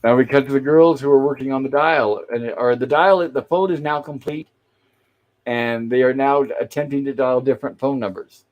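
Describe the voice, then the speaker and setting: A man's voice: medium pitch, fairly even intonation, moderate pace, highs cut off. A man hosting a casual chat, explaining and walking through scenes step by step. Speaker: host. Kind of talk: casual chat reviewing an old sitcom.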